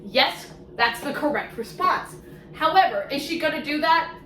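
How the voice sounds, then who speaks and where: A woman giving a casual, sarcastic, animated summary of a book she is reviewing. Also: sits high, normal speed, roomy sound, recorded from a distance, slight background noise, low-quality recording. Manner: sarcastic, animated, exclamatory asides.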